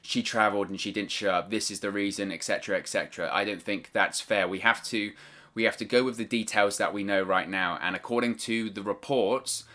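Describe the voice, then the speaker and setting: Bright-voiced man, hesitant news commentary. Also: fairly low pitch, fairly even intonation, brisk. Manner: hesitant, repeats words, stumbles while choosing words carefully. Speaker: wrestling news vlogger. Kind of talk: solo news commentary to camera.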